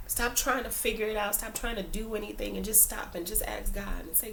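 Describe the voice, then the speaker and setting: A woman's voice: mid-range voice, steady tone, fairly quick, gravelly, few pauses, fairly bright tone, a little hiss or hum. A woman talking earnestly and informally to camera in a casual faith talk, preaching a little as she goes. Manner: informal phrasing with many fillers. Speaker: Christian vlogger.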